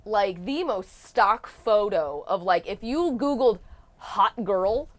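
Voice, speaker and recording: A woman with a middle-pitched voice co-hosts a casual live stream. She tells her stories bluntly and with animation, swearing freely along the way. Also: expressive, slow. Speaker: podcast co-host.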